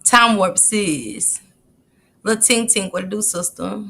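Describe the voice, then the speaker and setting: A woman's voice: medium pitch, takes it slowly, creaky, sharp tone. A woman hosting a casual live stream, chatting and greeting viewers by name.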